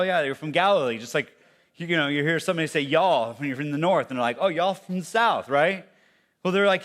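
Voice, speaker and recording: Male pastor, casual sermon delivery, slightly high voice, shifts between loud emphasis and hushed asides. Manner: conversational preaching, swings from loud to hushed. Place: church.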